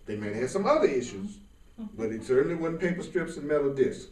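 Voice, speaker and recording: Animated man teaching in a roomy hall. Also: a little high, quick pace, a loud crowd. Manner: animated, conversational, laughs often, colloquial. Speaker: spiritual teacher. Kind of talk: informal spiritual class talk. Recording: roomy sound from a distant mic.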